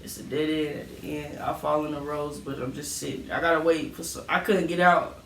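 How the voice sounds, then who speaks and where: High, bright-voiced man telling stories. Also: a little fast, vocal fry, slight background noise. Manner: lively storyteller, acts out voices. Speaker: co-host. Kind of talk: casual chat. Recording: roomy, distant from the mic.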